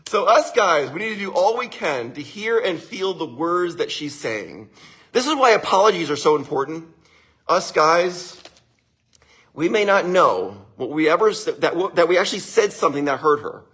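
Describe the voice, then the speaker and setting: A man's voice: fairly high pitch, big pitch swings, normal speed, a bit bright, husky. A man hosting a live stream and giving casual marriage advice. He talks animatedly, chuckles often and keeps checking in with his listeners.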